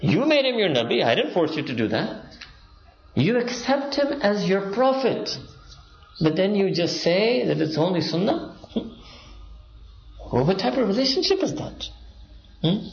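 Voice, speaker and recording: Higher-voiced man preaching in a roomy hall. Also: sing-song, normal speed, vocal fry, pauses often. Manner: rhetorical questions with frequent prompting "hmm?". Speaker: Islamic speaker. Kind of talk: sermon-style lecture. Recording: roomy, dull lo-fi sound.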